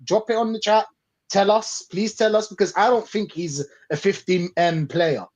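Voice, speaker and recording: A man's voice: high voice, fairly even intonation, normal speed, a little mellow, dull audio. A man hosting a live fan show over a video call, reading out viewer comments and reacting to them. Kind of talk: casual live-stream chat.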